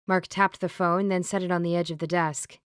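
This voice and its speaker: A woman reading a romance audiobook in an even, measured way. Her voice sits a little low and is recorded close and dry. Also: clear, resonant tone, no echo. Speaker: audiobook narrator. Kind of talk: scripted narration.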